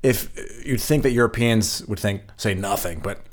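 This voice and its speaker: A man's voice: on the low side, normal speed. An American man co-hosting a podcast in casual chat, talking with frequent stammers and restarts. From United States. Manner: chatty, stammers and restarts often. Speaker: podcast co-host.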